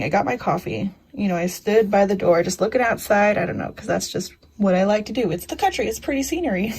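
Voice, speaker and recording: A woman's voice: mid-range voice, a little mellow, breathy edge, low-quality recording. A young woman chatting casually to her viewers as a craft vlogger, rambling from one story to the next with plenty of filler. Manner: chatty, rambling storyteller with frequent "you know" and laughs. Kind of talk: casual chat.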